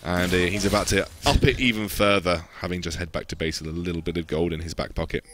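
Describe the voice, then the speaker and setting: A man's voice: low-pitched, steady tone, quick pace, fairly bright tone, a little hiss or hum. A man casting a live esports match, giving chatty, joking analysis. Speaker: esports caster.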